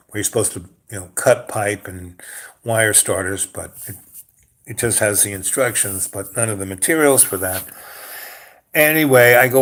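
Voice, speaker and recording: An older man from New York spins a long personal story at an easy, conversational pace. He wanders through it with plenty of "you know"s and slips into the other people's lines as he goes. His voice sits at an ordinary middle pitch for a man. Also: a bit bright. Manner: rambling, peppered with "you know", acts out dialogue. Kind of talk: casual spoken storytelling.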